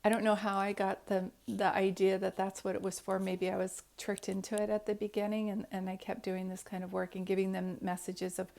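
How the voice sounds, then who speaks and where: Woman psychic medium, storyteller; mellow, low-key, flat delivery, earnest and rambling. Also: a little fast, creaky, few pauses. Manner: earnest, rambling, many restarts. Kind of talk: personal storytelling to camera.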